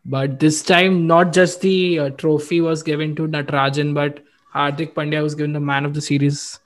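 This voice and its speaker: A man's voice: a little high, moderate pace. A man with an Indian English accent co-hosting a casual cricket chat, slipping Hindi phrases into his English as he tells stories. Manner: mixes Hindi into English, animated storytelling. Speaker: podcast co-host.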